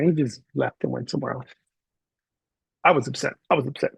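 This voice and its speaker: A man teaching a class, telling a story in an animated way and acting out the dialogue. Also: mid-range voice, brisk, gravelly, breathy edge, no room sound, lo-fi sound. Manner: animated, acts out quoted dialogue. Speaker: college instructor. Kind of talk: storytelling lecture to students.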